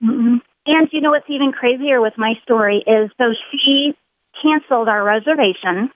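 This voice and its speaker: A woman on a tinny phone line, pitched a little high and recorded dry. She talks earnestly and with a wronged edge, piling up repeated phrases to press her point home. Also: moderate pace, no room sound. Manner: earnest and aggrieved, builds emphasis through repetition. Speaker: caller. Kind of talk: telling her story on a call-in show. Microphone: telephone.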